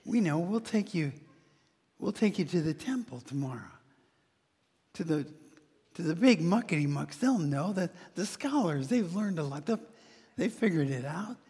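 A man doing hushed, doubtful neighbors. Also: a little high, lively intonation, normal speed, long pauses, breathy edge, big-room sound. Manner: hesitant, mumbling, full of fillers.

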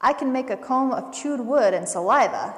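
A woman voicing a busy, crafty female wasp in a storybook, with a bright, lilting delivery. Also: fairly high pitch, expressive, normal speed, echoey room, big-room sound, close to an everyday voice. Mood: helpful.

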